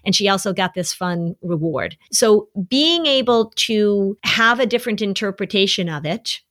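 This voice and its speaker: A woman's voice: mid-range voice, moderate pace, few pauses, fairly bright tone. Chatty middle-aged woman giving advice. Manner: conversational storytelling, frequent "right?" check-ins. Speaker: podcast host and parenting advisor. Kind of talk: casual advice chat.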